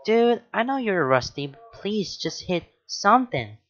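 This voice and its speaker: A man's voice: high-pitched, very animated, measured pace, a bit bright, pitched above the performer's own voice, exaggerated voice. A man voicing a sarcastic teen girl gamer who ribs her friend with snarky, bossy jabs. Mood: exasperated. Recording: dull lo-fi recording.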